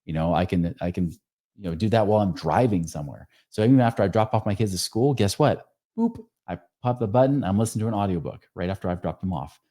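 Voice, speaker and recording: Deep, mellow-voiced podcast host. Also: male voice, fast. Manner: earnest, conversational, frequent fillers and self-corrections; speaks directly to the listener with rhetorical questions. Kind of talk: casual advice monologue.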